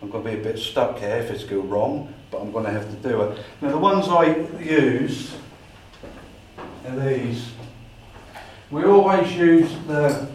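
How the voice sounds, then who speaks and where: Englishman at a society meeting, animated storyteller who acts out his own dialogue, heard from far off in an echoey room. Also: medium pitch, slight background noise. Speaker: paranormal investigator giving a talk.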